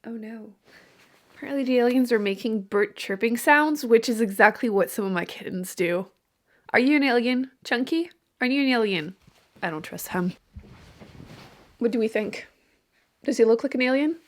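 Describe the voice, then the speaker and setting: A woman's voice: on the high side, normal speed, long pauses. A woman book vlogger chatting casually at home to a microphone, giggly and self-deprecating as she reacts to what she reads. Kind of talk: casual reading vlog chat. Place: indoor room at home.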